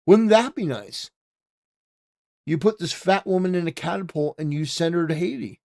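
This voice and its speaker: A man's voice: high voice, normal speed, vocal fry, darkish tone. A man hosting a live stream, talking casually and ranting, with lots of "you know" fillers and swearing. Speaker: streamer host.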